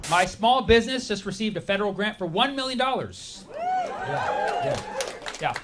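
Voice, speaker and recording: A male stand-up comedian doing a sarcastic set and slipping into quick voices. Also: very high voice, huge pitch swings, over loud music. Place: comedy venue with audience.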